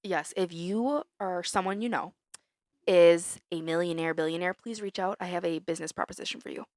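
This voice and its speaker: A young woman co-hosting a casual podcast, ranting heatedly, swearing often and jumping around in pitch when fired up. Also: brisk, dry recording. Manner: animated, big jumps in pitch when fired up. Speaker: podcast co-host. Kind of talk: casual chat. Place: small studio under a lamp.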